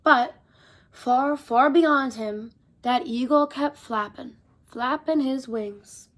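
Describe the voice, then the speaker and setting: A woman reading a picture book aloud to children, animated, and stopping to talk to her young listeners. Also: sits high, slow. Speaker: storyteller.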